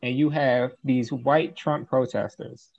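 Measured male co-host, mid-pitched voice, a bit muffled. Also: fairly even intonation, creaky, a little mellow. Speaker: podcast co-host. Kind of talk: casual commentary. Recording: slightly dull, muffled audio.

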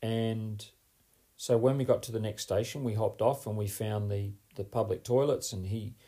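A man's voice: on the low side, steady tone, normal speed, dark tone. A man hosting a solo podcast as a performance coach, talking in an emphatic, rambling way and often tagging on "right?".

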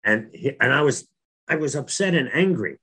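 A middle-aged man from New Jersey tells a personal faith story in casual, earnest speech, often repeating words and restarting. His medium-pitched voice is expressive, sharp in tone and slightly rough, at a moderate pace.

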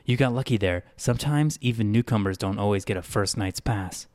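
A man voicing a calm young man who gives earnest, steady advice. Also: fairly low pitch, a little fast, no echo, clean studio sound, close to an everyday voice.

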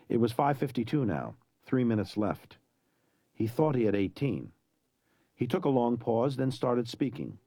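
A man narrates a novel in an even, measured way, with a middle-pitched voice. The recording is dry and close, with no room sound. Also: no echo. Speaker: reader. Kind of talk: audiobook narration.

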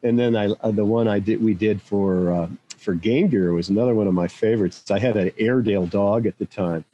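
Older man with a mellow voice, telling stories. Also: lowish voice, a little fast, highs cut off. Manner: rambling anecdotes with self-amused laughs. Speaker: interview guest, former executive. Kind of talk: casual interview storytelling. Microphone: own microphone, remote.

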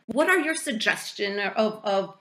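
A woman interviewer asking questions casually, with quick encouraging affirmations. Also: medium pitch, animated, a bit bright.

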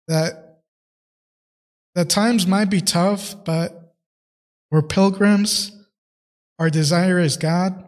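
A man with a slightly higher voice hosts his own podcast. He tells a personal faith story in a loose, earnest way, full of fillers and restarts. Long reverb trails behind his voice. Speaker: podcast host. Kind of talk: casual faith reflection.

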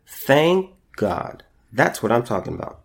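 A young man records a solo commentary podcast in a mid-range voice. He talks haltingly, restarting and repeating words, and he sounds indignant and close to tears. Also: medium pitch, very animated, gravelly, husky. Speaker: podcast host.

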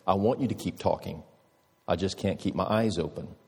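A man voicing a dying elderly father who speaks weakly and calmly, husky, in a reverberant hall. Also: deep voice, normal speed, full character voice. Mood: tired. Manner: weak, quiet, peaceful.

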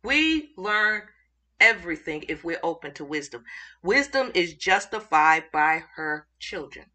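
With a lowish voice, a woman gives an informal Bible teaching, excited and halting as she searches for verses mid-thought.

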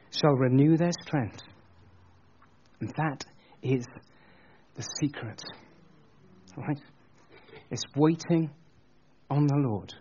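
Animated, husky preacher man. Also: a little high, lo-fi sound. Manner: animated, chatty, jokey asides. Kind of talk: sermon with storytelling.

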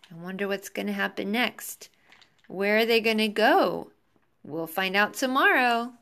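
A woman teacher reading a children's book aloud to her class over a video call, slow and expressive. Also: mid-range voice, creaky. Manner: slow, expressive, warm sign-off to pupils.

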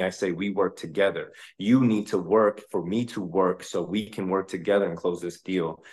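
A man in his thirties, a realtor and podcast host, answering interview questions in a candid, conversational way. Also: sits low. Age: 30s. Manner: candid, conversational, occasional profanity.

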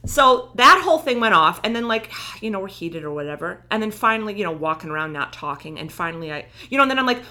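A woman with a bright, clear-toned voice chatting casually. She tells a personal story in a lively way and acts out what each person said. Her voice sits in a middle register. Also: medium pitch, fast talker, hardly any pauses. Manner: animated storytelling, acting out quoted lines. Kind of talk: casual chat.

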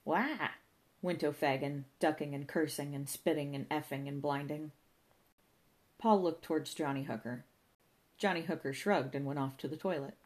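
A woman reads a comic novel aloud in a dry, deadpan manner. Her voice is low-pitched and steady, letting the absurd details land without fuss. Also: moderate pace. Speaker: narrator. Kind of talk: audiobook narration of a comic novel.

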